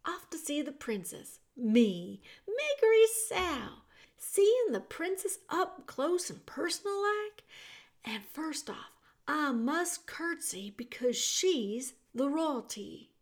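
A woman voicing a loud, clumsy twelve-year-old serving girl who is hard of hearing and talks in blunt, rustic speech. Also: sits high, very animated, slow, pitched above the performer's own voice, exaggerated voice. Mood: shouting, eager.

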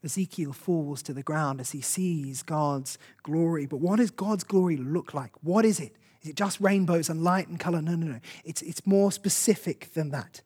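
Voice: medium pitch, normal speed, hardly any pauses, a little mellow, husky. A preacher delivering a sermon in an earnest, conversational way, often repeating short phrases for emphasis.

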